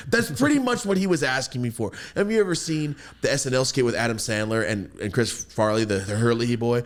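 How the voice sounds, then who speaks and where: A man's voice: a little fast, hardly any pauses. A man casually telling a profane story, jumping into quoted voices. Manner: animated, profane, jumps into high-pitched quoted voices.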